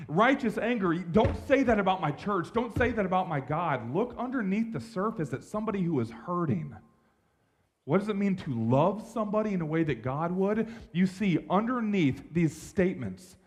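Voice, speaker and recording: A young adult man preaching a sermon from a church stage, in a casual, animated way with slang and asides to the congregation. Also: a little high. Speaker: pastor.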